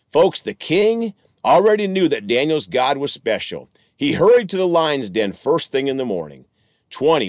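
A man preaching through a Bible passage, his voice sitting in a middle register. He moves his pitch around a lot as he reads and comments, addressing his listeners as friends. The sound is close and dry. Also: sing-song, normal speed, no room sound.

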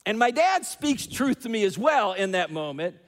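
A man's voice: sits high, very animated, moderate pace. A man preaching a sermon, telling a story with emphatic repetition, in a large church hall. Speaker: pastor. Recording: long hall reverb.

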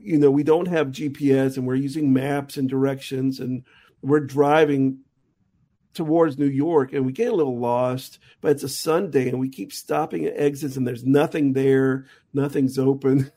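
A man's voice: mid-range voice, a little mellow. A middle-aged man, a jazz musician and teacher, casually telling a rambling anecdote with many restarts. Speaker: touring jazz musician and college teacher, guest. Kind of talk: casual storytelling in a conversation.

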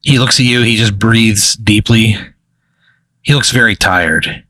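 A man leads an improvised hypothetical scene as game master, rambling and hesitating with lots of fillers. His voice sits a little low and sounds bright and forceful. The recording is dry and close. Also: measured pace, dry recording, poor audio.

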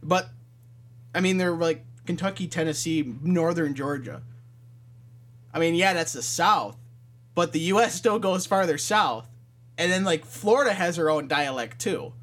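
A young man with a Michigan accent, talking in a slightly high voice. He co-hosts a casual podcast chat, teasing his friend and swearing freely as he jokes. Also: lively intonation, a bit bright. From Michigan, USA. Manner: profane, teasing and quick to joke. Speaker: podcast co-host.

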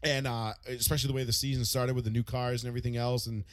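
A man's voice: medium pitch, little pitch movement, fast, no echo. A man in his thirties from the United States, co-hosting a podcast in loose, profane, rambling casual chat full of fillers. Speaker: podcast co-host.

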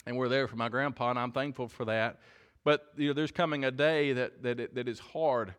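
A man's voice: mid-range voice, steady tone, brisk, fairly bright tone, smooth. A man preaching a sermon, earnest and often repeating words as he builds a point. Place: church.

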